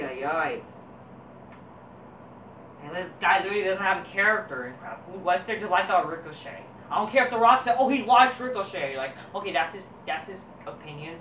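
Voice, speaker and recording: A woman's voice: mid-range voice, bright, forceful tone, slight background noise. A foul-mouthed woman ranting from across a room. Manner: crude, swearing, dismissive and combative. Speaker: wrestling review vlogger. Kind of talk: profane ranting review. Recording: roomy echo, voice distant from mic.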